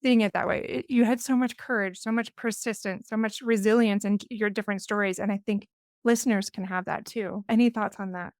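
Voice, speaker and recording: A woman in her forties hosting a podcast, speaking in a thoughtful, measured, reflective way. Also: medium pitch, fairly even intonation, no room sound, clean studio sound. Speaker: podcast host. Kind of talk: reflective conversation.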